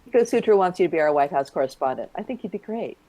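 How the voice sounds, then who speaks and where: A woman's voice: on the low side, lively intonation, fast, mellow. Woman co-host chiming in. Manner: brief agreeing interjections and quips. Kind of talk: casual political commentary.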